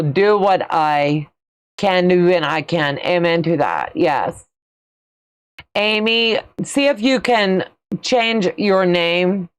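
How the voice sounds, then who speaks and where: Lady chatting on a quilting stream, kinda low voice, takes her time. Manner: chatty, folksy, reads out and answers viewer comments. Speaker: quilting channel host. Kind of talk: casual livestream chat.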